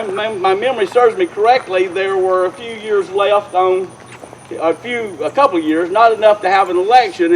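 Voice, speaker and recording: A man with a fairly high voice delivers a rambling, folksy dedication speech as mayor. He talks outdoors at a park ceremony, repeating himself and circling back to his point. Faint outdoor noise and passing vehicles sit under his voice. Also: poor audio. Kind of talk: informal public speech.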